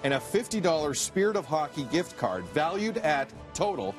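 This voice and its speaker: A man's voice: fairly high pitch, very animated, moderate pace, soft background music. A man in his twenties co-hosting a morning show, joking in wry banter. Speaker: co-host.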